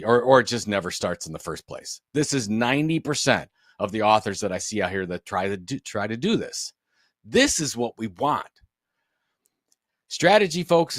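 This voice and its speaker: A man presenting a business webinar, talking straight to his audience with energetic, emphatic delivery. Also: mid-range voice, dry recording, studio quality. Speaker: business author and speaker.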